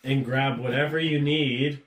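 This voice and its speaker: Podcast co-host, man, unhurried, playful what-if storyteller, echoey room. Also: medium pitch, steady tone, fairly bright tone. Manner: spins goofy hypotheticals, laughs often. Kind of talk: casual chat.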